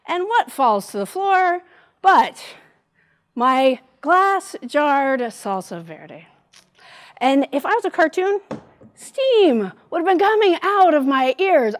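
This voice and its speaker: A middle-aged woman giving a devotional church talk, telling a personal story in an animated way. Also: sits high. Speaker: church speaker.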